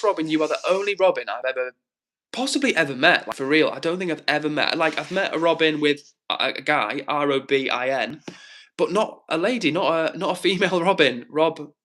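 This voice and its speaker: A chatty man hosts a live stream, his voice bright and forward. He sits a little above the usual pitch for a man and keeps things upbeat while answering his viewers. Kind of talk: casual live-stream chat.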